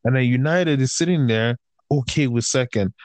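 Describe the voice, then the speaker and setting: Male co-host, mid-pitched, heated profane rant, tired and exasperated; dry, close recording. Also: moderate pace, a little mellow, no echo. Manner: swings between raised outbursts and tired grumbling. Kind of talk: casual ranting chat.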